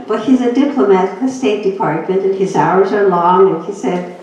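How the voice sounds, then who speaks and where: Older woman guest speaker, lively anecdotes, recorded from far back in a very echoey church hall with a muffled, dull sound. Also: mid-range voice, moderate pace, a little hiss or hum. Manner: chatty, animated anecdotes with laughter. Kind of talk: humorous personal storytelling talk.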